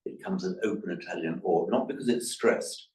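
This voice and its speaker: A man teaching a language class, correcting his students' pronunciation in a halting, repetitive way. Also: deep voice, darkish tone. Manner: hesitant, repeats words, corrects pronunciation. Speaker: Pali teacher. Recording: echoey room, mic far off.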